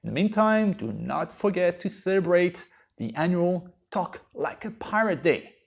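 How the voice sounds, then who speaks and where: A man, a history professor, giving a recorded lecture and telling stories lively, with rhetorical questions. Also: high-pitched, a little slow, gravelly.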